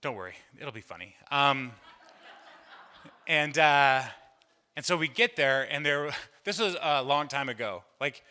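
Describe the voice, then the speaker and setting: A middle-aged man doing stand-up, telling a chatty, self-mocking story that builds to loud bursts. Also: fairly high pitch, expressive, measured pace, clean tone. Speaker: stand-up comedian. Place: church hall. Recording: live room with long reverb.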